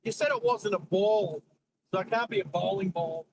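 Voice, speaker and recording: A man's voice: sits high, normal speed, vocal fry, noisy background. An Australian man hosting a live stream from his car, chatting with viewers as he drives and points out sights along the road. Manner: chatty, jumping between road commentary and viewer chat. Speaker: host of a live driving stream. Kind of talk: casual live-stream chat while driving.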